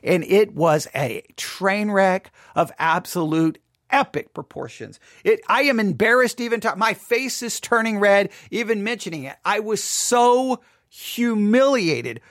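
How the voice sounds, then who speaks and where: A man's voice: high-pitched, animated, unhurried, fairly bright tone, dry recording. A man hosting a live podcast from his studio, telling a self-deprecating story in a chatty way, often asking "right?". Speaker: podcast host. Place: home studio.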